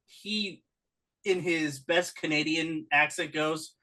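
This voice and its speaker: A podcast co-host in a casual wrestling chat, wry and teasing in quick back-and-forth. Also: mid-range voice, lively intonation, sharp tone.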